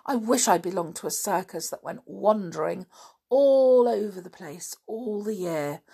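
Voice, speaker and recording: A woman reading the lines of an excitable, bossy tomboy girl in a storybook, with loud, eager exclamations. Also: mid-range voice, a little slow, vocal fry, husky, exaggerated voice. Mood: excited.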